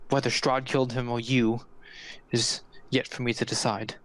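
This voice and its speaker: A man's voice: mid-range voice, little pitch movement, normal speed, a bit bright, close to an everyday voice, poor audio. Man voicing a weary, grieving old priest. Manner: hesitant, apologetic, faltering.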